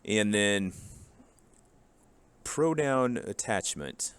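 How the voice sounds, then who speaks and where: A man's voice: lowish voice, big pitch swings, very slow, clear, resonant tone. A man teaching a recorded Spanish grammar lesson in a casual, joking way, drilling forms one by one.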